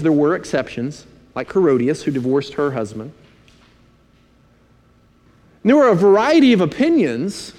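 High-voiced male preacher in a reverberant hall. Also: a little mellow. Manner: emphatic, with dry asides and slow stressed phrases. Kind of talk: sermon.

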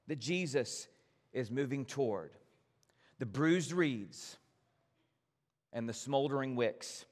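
A man preaching a sermon as pastor, gentle and earnest, addressing his congregation directly. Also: mid-range voice, animated, slow, pauses often, long reverb tail.

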